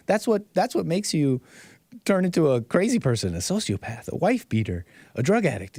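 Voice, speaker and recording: A man's voice: a little high, big pitch swings, moderate pace, creaky, darkish tone, no room sound, studio quality. A man hosting casual online commentary, mocking and rambling, repeating himself and chuckling often.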